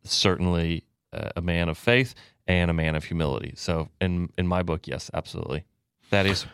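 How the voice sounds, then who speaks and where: A man hosting a podcast discussion, relaxed and affirming as he wraps up. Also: deep voice, normal speed, clear, resonant tone, no room sound. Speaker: podcast host. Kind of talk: casual discussion.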